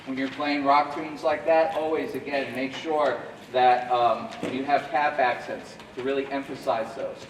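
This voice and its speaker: A man's voice: medium pitch, fairly even intonation, unhurried, few pauses, recorded from a distance. A man coaching a school jazz band, scatting rhythms to show phrasing and counting the players in. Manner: scats rhythms to demonstrate phrasing. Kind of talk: rehearsal coaching. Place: school rehearsal room or auditorium. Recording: echoey room, heard from afar, noisy.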